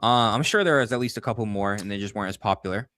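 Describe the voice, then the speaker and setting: A man co-hosting a casual political call-in show, giving animated opinions and laughing often. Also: lowish voice, racing, no room sound. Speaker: co-host.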